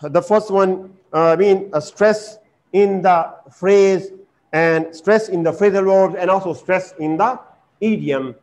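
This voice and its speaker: High-voiced man teaching word stress. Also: darkish tone. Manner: slow and deliberate, repeating words with exaggerated stress, frequent "uh". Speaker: English teacher. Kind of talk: vocabulary lesson. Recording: dull lo-fi recording.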